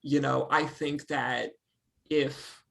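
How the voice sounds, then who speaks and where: A man journalist joins as a guest and speaks thoughtfully, hedging his claims. His mid-pitched voice has a strong gravelly fry. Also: fairly even intonation, slow pace, a bit bright. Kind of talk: casual chat.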